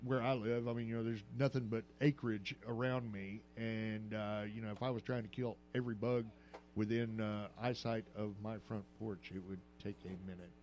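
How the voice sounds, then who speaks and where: A man's voice: lowish voice, fairly even intonation, normal speed, darkish tone, slight background noise. An older man hosting a morning radio talk show, joking and rambling with lots of fillers. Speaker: radio host. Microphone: studio microphone.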